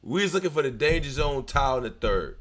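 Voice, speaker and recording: Bright-voiced man in animated banter. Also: medium pitch, quick pace. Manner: animated, profane, trash-talking. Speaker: podcast co-host. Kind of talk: casual recap chat.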